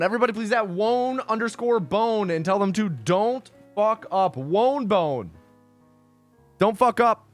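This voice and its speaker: A man's voice: high voice, expressive, measured pace, faint music behind. A male streamer in casual livestream chat, rambling and insistent, repeating himself as he makes his points.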